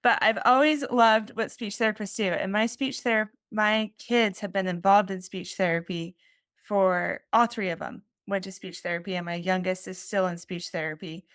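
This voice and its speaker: A woman's voice: mid-range voice, fairly bright tone, clear, resonant tone, no room sound, studio quality. A woman hosting a podcast interview, enthusiastic and rambling as she asks her questions. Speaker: podcast host. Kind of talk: casual interview conversation.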